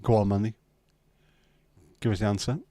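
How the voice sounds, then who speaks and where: A man with a Liverpool accent hosts a relaxed livestream chat, reading out comments and answering them with blunt, sweary banter. His voice sits on the low side, and the sound is close and dry with no room around it. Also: normal speed, no echo. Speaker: livestream host.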